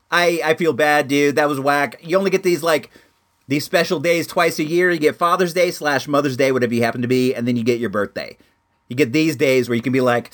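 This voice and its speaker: Animated man rambling through a story. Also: medium pitch. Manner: rambling, animated, heavy use of "like" and "dude". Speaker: host of a home show. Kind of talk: casual storytelling monologue.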